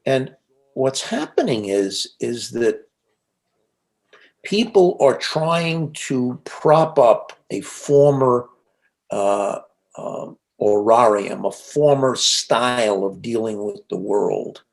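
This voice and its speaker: A man's voice: mid-range voice, lively intonation, takes it slowly, creaky. A man being interviewed, telling reflective stories in a conversational way with frequent restarts. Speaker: interview guest, psychologist and author.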